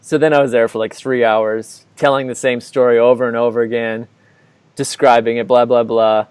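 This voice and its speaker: A man's voice: medium pitch, little pitch movement, normal speed, a little mellow, clean tone, no echo. A man co-hosting a podcast, telling a long personal story in casual chat, rambling and packing his talk with "like". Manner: rambling, filler-heavy, full of "like". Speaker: podcast co-host. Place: living abroad in Ireland, recording indoors.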